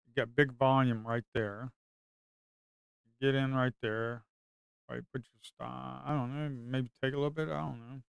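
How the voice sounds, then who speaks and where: An excitable man talks casually through trades on his screen, rambling and full of slang. His voice sits at a middle pitch and comes through smooth and clean. The sound is close and dry, with no room around it. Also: normal speed, pauses often, no room sound. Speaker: futures trader and video host. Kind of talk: casual screen-share trading commentary.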